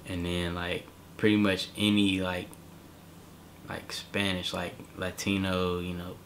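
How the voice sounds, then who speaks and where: A young man co-hosting a reaction video, making slow, laid-back, drawling remarks. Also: low-pitched, flat delivery, fairly bright tone, a little hiss or hum. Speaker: reaction co-host. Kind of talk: casual reaction chat.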